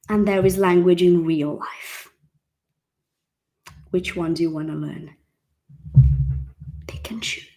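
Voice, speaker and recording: A woman from Brazil with a Brazilian Portuguese accent, giving a casual, expressive English lesson with acted-out reactions. She sounds like she is in her thirties. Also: on the low side. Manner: expressive, acts out surprised reactions. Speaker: English teacher.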